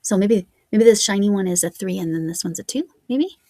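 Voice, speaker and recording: A woman's voice: medium pitch, expressive, brisk, dark tone, no room sound. A woman crochet vlogger chatting casually at home, musing aloud as she reads out yarn labels. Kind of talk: casual show-and-tell chat.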